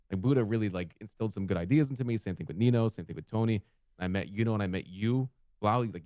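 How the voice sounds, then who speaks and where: Lower voiced guy just chatting, lots of "like", dry close mic. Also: no room sound. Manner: relaxed, filler-heavy, says "like" often. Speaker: podcast host. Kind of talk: casual chat.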